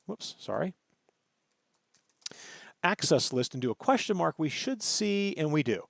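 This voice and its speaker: Brief animated male lecturer who checks himself and leans on key words, close dry mic. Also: a little high, creaky, dry recording. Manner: thinks aloud, self-correcting, stresses terms, asks "right?". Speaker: networking instructor. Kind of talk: screen-recorded lecture.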